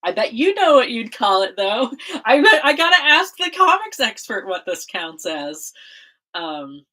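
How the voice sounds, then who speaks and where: A woman's voice: a little high, very animated, a little slow, bright, forceful tone. A young American woman chatting casually on a livestream, bubbly and giggly, full of fillers and laughter. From United States. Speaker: livestream host.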